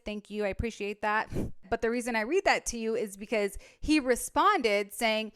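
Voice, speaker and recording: Sarcastic young woman with a smooth voice. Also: on the high side, normal speed. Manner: sarcastic, blunt and profane. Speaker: commentary creator. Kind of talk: reaction commentary reading comments.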